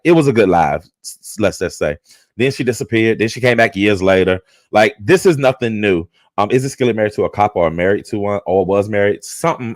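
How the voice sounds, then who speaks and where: A man hosting a casual livestream, retelling online drama in an animated, profane storytelling manner. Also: lowish voice, no echo. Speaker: livestream host.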